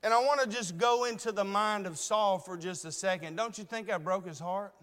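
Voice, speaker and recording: High, smooth-voiced preacher. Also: male voice, a little fast, fairly bright tone, long reverb tail. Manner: conversational, full of rhetorical questions. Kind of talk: sermon.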